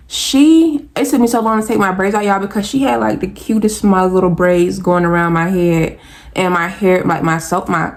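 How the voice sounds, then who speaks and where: In a casual storytime vlog, a young woman from the American South, with an Atlanta accent, addresses her viewers directly in an animated, exasperated way. Her voice sits at a medium pitch.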